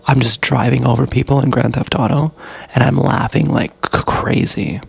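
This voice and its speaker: A man with a gravelly, creaky voice rambles through a personal story on a livestream. He swears freely, backtracks and corrects himself as he goes. His pitch sits in an ordinary middle range. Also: steady tone, normal speed, no room sound. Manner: profane, tangled retelling with self-corrections. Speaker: live streamer. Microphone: action camera.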